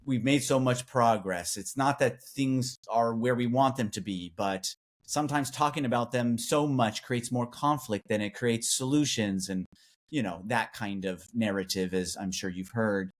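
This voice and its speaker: A man co-hosting a talk show, thoughtfully recounting stories from guests in a conversational way. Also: moderate pace. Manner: thoughtful, recounts guest stories, pitch jumps when animated. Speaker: podcast co-host. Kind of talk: conversational discussion.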